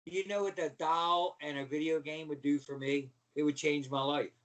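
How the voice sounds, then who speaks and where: Animated, profane storytelling man. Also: on the high side, moderate pace, far from the mic. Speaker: guest, former pro wrestler. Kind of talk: storytelling in casual chat.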